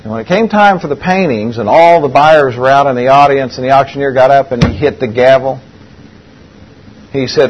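A man's voice: medium pitch, moderate pace, slight background noise. A man preaching a sermon, telling a story in an earnest way and repeating key phrases. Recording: dull lo-fi recording.

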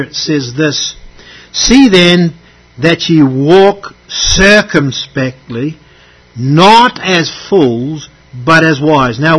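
Husky, slow-paced preacher man. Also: sits high, a bit bright, poor audio. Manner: deliberate, emphatic repetition of key phrases. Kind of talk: sermon teaching from scripture.

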